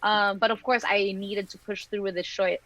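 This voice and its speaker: A woman's voice: mid-range voice, fairly even intonation, normal speed, a bit bright, no echo, low-quality recording. A young woman from the Philippines, a singer chatting candidly as an interview guest and laughing often between thoughts. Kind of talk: casual interview chat.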